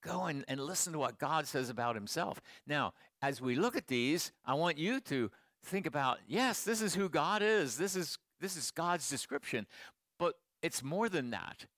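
A middle-aged man preaching a sermon to his congregation, moving between quiet storytelling and emphatic declarations. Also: on the high side, animated, normal speed, no room sound, clean studio sound. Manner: storytelling, swings from hushed asides to emphatic proclamation. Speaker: pastor.

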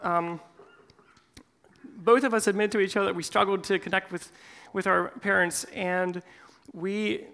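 A man's voice: high voice, gravelly, bright, forceful tone. A man speaking to a church men's group, reading a personal letter aloud and then addressing the group in an earnest, heartfelt way.

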